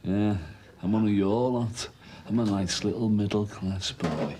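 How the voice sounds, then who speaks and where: An actor playing a resentful, drunken working-class bar owner in a TV drama. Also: male voice, fairly low pitch, unhurried, breathy edge. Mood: bitter. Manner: resentful, sneering, shouting at night. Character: bitter drunken middle-aged working-class barman. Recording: hissy old TV recording.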